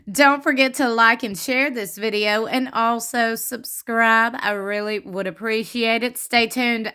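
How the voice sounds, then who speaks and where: A woman's voice: a little high, sharp tone, clean tone. A woman, hosting a casual, sassy recap of a reality show and acting out what the cast said. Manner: sassy, chatty, quotes people with playful asides.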